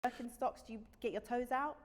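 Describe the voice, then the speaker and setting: A woman's voice: on the high side, fairly even intonation, a little fast. A woman hosting a casual interview, chatty and playful, asking curious questions. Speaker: talk show host.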